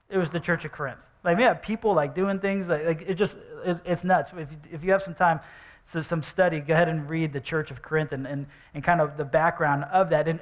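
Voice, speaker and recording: A man's voice: sits high, a bit bright. A young adult man preaching a sermon as pastor, talking in a loose, conversational way with sarcastic asides.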